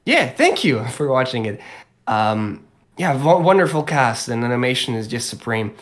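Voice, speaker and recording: A man's voice: mid-range voice, big pitch swings. A young man, a voice actor guest, talking casually with many fillers and restarts. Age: young adult. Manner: halting, lots of fillers and restarts. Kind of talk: casual podcast chat.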